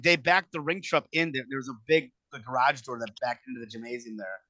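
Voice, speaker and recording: A man in his thirties telling a casual story, animated and profane, acting out quotes in exaggerated voices. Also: mid-range voice, dry recording. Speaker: podcast guest telling a wrestling story.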